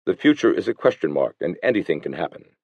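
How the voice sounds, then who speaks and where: A man's voice: deep voice, big pitch swings, fast, gravelly, breathy edge, dry recording, heavily acted. A man voicing a stubborn, evasive admiral who speaks emphatically. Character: stubborn older Japanese admiral, evasive and hawkish. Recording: slightly muffled dry recording.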